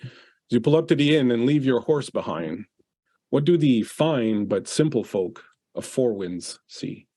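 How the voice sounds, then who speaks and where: A man's voice: medium pitch, expressive, measured pace, mellow, no room sound. A man narrating as game master of a tabletop role-playing game, describing scenes with frequent uhs.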